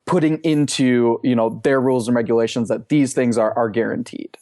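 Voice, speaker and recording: A man co-host lays out the details calmly and carefully, pausing on ums and you-knows as he goes. His voice sits at an ordinary middle pitch. He sounds steady and unhurried in casual conversation. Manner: measured, explanatory, filler-heavy. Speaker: podcast co-host. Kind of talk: casual chat.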